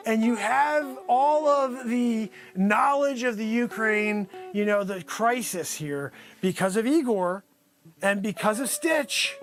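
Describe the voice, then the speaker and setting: A man's voice: high voice, fairly bright tone. A man hosting an improvised comedy news spot, rambling and teasing in a mock-anchor delivery. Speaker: comedy news show host.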